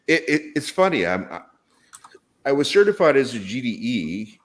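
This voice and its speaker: A man with hiccups, a regular on the show, chatting over a video call in a rambling, self-deprecating, hesitant way. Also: lowish voice. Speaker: regular co-host. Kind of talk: casual video chat.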